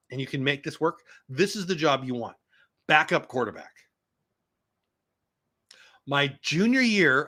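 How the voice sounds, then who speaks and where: Lively fifty-something man chatting on a live stream. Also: fairly high pitch. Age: 50s. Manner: animated, excitable, talks back to chat. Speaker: vlogger hosting a live stream. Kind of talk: casual live-stream chat reading viewer comments.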